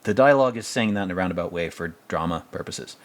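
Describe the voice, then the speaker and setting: A man's voice: sits low, animated, fast talker. Sarcastic, swearing man doing film commentary. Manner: rambling, profane and sarcastic, often laughing. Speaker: podcast host reviewing a film.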